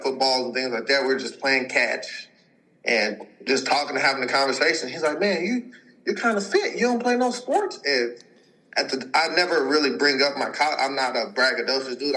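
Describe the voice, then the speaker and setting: A man's voice: medium pitch, steady tone, fairly quick, pushed and bright, low-quality recording. A man in his twenties, a podcast guest, telling a long personal story in a rambling way, full of filler words and acted-out quotes from other people. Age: 20s. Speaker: podcast guest, pro football player. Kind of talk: casual storytelling.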